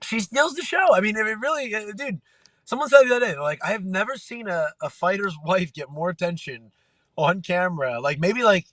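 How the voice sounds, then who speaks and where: A man's voice: high voice, normal speed, no echo. A man in his thirties, a guest on a podcast, telling stories in casual chat with frequent laughter, acting out quotes. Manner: laughing, animated storyteller who acts out quotes. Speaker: podcast guest, MMA fighter.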